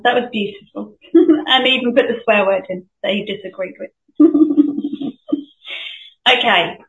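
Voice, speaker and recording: A woman therapist speaks slowly and gently, affirming her client. She sounds distant from the mic in an echoey room. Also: medium pitch, gravelly, lo-fi sound. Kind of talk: guided therapy session.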